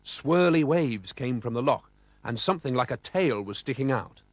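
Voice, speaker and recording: A man narrating a children's storybook in an expressive, animated way. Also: medium pitch, moderate pace, no echo.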